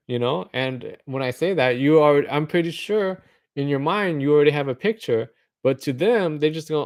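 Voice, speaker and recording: A man talks straight to his viewers in a loose, wandering monologue, padding his thoughts with "like" and "you know". His voice sits at an ordinary middle pitch. The recording is close and dry, with no room sound. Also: lively intonation, normal speed, gravelly, no room sound. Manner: meandering, acts out hypothetical voices, with filler words. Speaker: vlogger. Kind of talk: casual rambling monologue.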